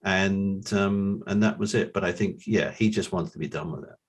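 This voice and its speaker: A middle-aged man with a London accent tells anecdotes as a podcast guest. His voice is husky and sits a bit low, and he restarts his phrases often as he goes along. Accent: London English. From England. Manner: halting, repeats opening words. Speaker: guest, forensic accountant. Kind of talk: relaxed storytelling.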